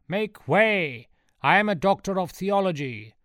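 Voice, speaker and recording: A man voicing a pompous, theatrical priest who bellows grand proclamations, much higher and louder than his own voice. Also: steady tone, a little slow, clean tone, no echo, clean studio sound. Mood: commanding.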